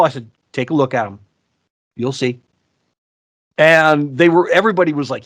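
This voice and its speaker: A man co-hosting a podcast, telling sales stories in a casual, animated way and acting out the people he quotes. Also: a little high, moderate pace, long pauses, no echo. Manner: animated, acts out quoted voices. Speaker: podcast co-host. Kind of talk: casual storytelling chat.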